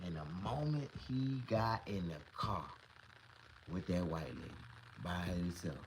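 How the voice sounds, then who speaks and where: A low-voiced man tells a comedic story straight to camera, cursing freely and bragging as he goes. His pitch swings widely through the telling, and a faint hiss sits under the voice. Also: measured pace, low-quality recording. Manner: profane, animated, boastful. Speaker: vlogger.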